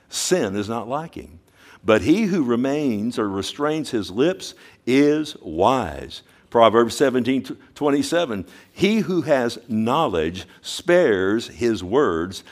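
A middle-aged man preaches a sermon in an ordinary mid-range voice. He talks with his congregation in a conversational way and keeps asking them questions. He slows down to lean on phrases from scripture. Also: medium pitch, darkish tone. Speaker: pastor.

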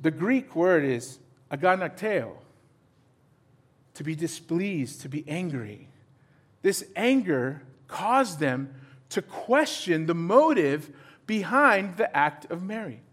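A middle-aged male pastor giving a sermon, animated and acting out little dialogues in different voices. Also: a little high, slow pace, breathy edge.

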